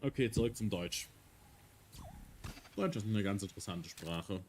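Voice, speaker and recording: A man's voice: on the low side, expressive, moderate pace, a little hiss or hum. A man with a German accent, a native German speaker, rambling and joking to himself on a casual solo game stream.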